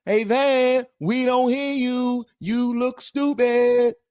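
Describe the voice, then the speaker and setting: A man's voice: very high voice, steady tone, slow, darkish tone, clean tone, no room sound, highs cut off, voice pushed up. A man voicing a mocking young male livestream chat viewer who taunts the host. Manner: taunting, heckling.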